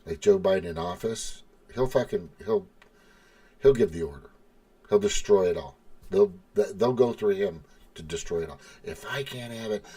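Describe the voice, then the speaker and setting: A man's voice: sits low, warm tone. A man hosting his own podcast, giving an angry, heated monologue full of swearing and restarts. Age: adult with children. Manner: profane, heated, repeats himself. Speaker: podcast host.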